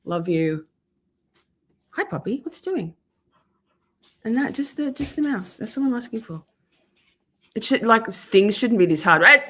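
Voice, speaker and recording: Lively, chatty woman live-streaming. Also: fairly high pitch, measured pace, pauses often, slightly rough. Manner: chatty, swears a lot, flustered by gear. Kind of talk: casual live-stream chat.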